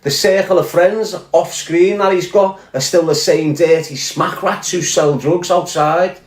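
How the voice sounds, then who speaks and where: Man, higher-pitched voice, profane heated rant, echoey room. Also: fairly even intonation, a little slow. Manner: blunt, profane, accusing. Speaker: podcast guest. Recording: roomy echo.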